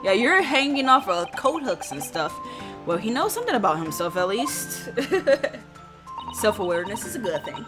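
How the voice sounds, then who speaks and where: A woman talks casually through a game playthrough, tossing off chatty, laughing asides at a middling pitch. Game music plays steadily behind her voice. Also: very animated, moderate pace. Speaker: let's player.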